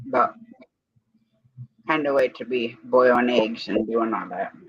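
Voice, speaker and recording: A woman's voice: a bass voice, lively intonation, measured pace, breathy edge, no echo. A woman co-hosting a live stream in a casual, rambling chat, breaking off now and then to give commands to her dog. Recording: dull lo-fi stream audio.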